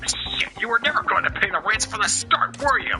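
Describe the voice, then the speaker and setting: Bungling male kidnapper, blustering and indignant, lively voice, read by a man. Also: sits high, a little fast, soft background music, pitched above the performer's own voice, heavily acted. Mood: angry.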